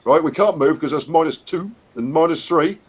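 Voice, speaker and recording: A man's voice: fairly high pitch, moderate pace, slightly rough. An English man hosting a casual live stream, rambling and chummy, with the odd swear. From United Kingdom. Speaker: host.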